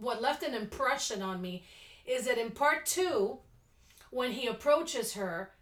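A woman's voice: on the high side, fairly bright tone, echoey room. A woman co-hosting a podcast, chatting casually and rambling through stories while often laughing. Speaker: podcast co-host. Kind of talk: casual chat.

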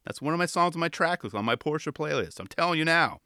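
Animated man with a bright voice. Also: fairly high pitch, quick pace, clean tone, no room sound, clean studio sound. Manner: animated, laughing, frequent "you know" fillers. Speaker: show reviewer. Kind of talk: casual video commentary.

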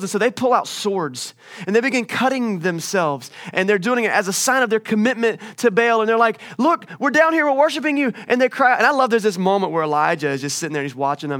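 A young adult man preaching a sermon as a story, swinging from loud, excited bursts to hushed scripture reading. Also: sits high.

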